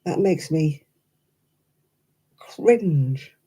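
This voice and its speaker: A British woman chatting casually on her crafting livestream, mimicking people in high voices as she tells stories. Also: expressive, extremely slow, mellow, husky. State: struggling with hand pain. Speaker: livestream host.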